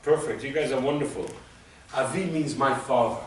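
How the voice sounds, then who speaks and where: A man's voice: mid-range voice, moderate pace. A man teaching a beginners' Hebrew class, patiently explaining and praising his students. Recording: echoey room, mic far off.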